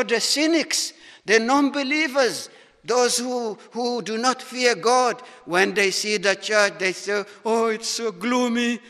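A man's voice: high-pitched, bright, forceful tone. A man preaching a sermon in a church, emphatic, repeating words for stress. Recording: long hall reverb.

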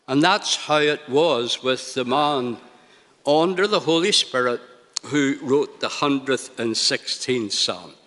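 A man preaching a sermon in a slow, deliberate, emphatic way. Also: mid-range voice, bright, forceful tone, in a large hall.

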